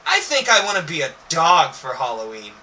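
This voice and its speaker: A high, shrill kid who pleads and shrieks in frantic bursts, as a man puts him on while reading a storybook aloud. The voice is bright and edgy. It sits a little back from the mic, with faint noise underneath. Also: wildly swooping pitch, normal speed, recorded from a distance, heavily acted, rough recording. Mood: excited.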